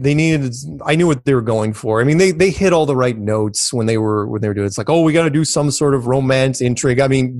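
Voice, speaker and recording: A middle-aged man telling stories as an interview guest, rambling and repeating himself, jumping high when he quotes others. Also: dry recording, studio quality. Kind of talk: casual storytelling.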